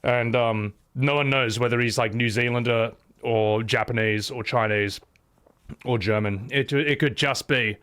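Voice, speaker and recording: A man streaming a game, reacting live with animated, laughing, profane and rambling commentary. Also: medium pitch, unhurried, smooth.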